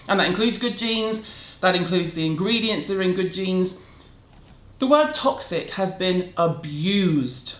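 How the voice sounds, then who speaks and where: A middle-aged woman with a British accent, ranting bluntly and sarcastically to camera in a casual beauty vlog. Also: on the low side. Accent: British English. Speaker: beauty vlogger. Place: home room in a city. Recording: roomy echo.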